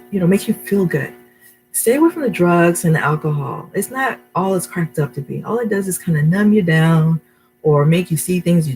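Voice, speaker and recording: A woman's voice: on the low side, rough recording. A middle-aged woman chatting and giving advice on her video channel from her bedroom, rambling and laughing at herself. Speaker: vlogger. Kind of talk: casual advice vlog.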